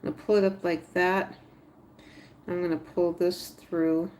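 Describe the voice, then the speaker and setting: A woman's voice: fairly low pitch, flat delivery, a little slow, darkish tone, slight background noise. A woman livestreaming a crochet tutorial, thinking aloud step by step, chatting with viewers and talking to her stitches. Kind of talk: casual live tutorial narration.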